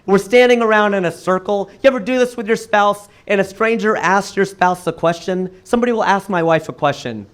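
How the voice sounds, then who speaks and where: A man performing a stand-up comedy set on stage, telling stories with sudden jumps in pitch and loudness. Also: a little fast, few pauses. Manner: animated storytelling with sudden jumps in pitch and volume. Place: comedy club stage with live audience.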